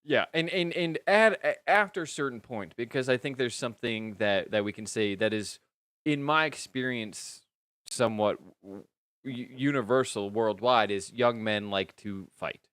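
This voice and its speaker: A man's voice: medium pitch, normal speed, fairly bright tone, dry recording. A man hosting a casual chat, earnest and rambling, laughing easily. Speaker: podcast host.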